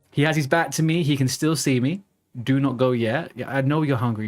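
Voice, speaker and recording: A man giving loose, muttered commentary over his own live game stream, thinking out loud and cursing under his breath. His voice sits at an ordinary middle pitch, with faint music playing behind him. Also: normal speed. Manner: mutters to himself, swears when frustrated.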